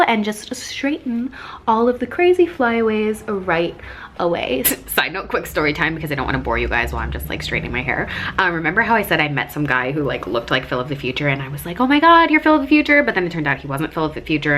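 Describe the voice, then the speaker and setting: A woman's voice: mid-range voice, a bit bright. A young adult woman chatting through a casual hair tutorial vlog, bubbly and full of side notes and self-mocking jokes, recorded by a camera on a tripod. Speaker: vlogger.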